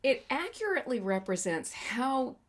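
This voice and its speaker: A woman's voice: high voice, sing-song, moderate pace. Opinionated woman ranting about movies. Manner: opinionated, ranting, swears freely. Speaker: podcast co-host. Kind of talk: casual movie review chat.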